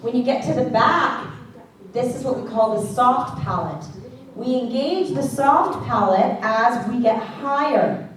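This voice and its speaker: A woman's voice: a little high, lively intonation, unhurried, far from the mic, slight background noise. Woman vocal coach in an echoey classroom. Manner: chatty, checks in with the class often. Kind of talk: teaching a singing class. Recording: echoey classroom recorded from afar.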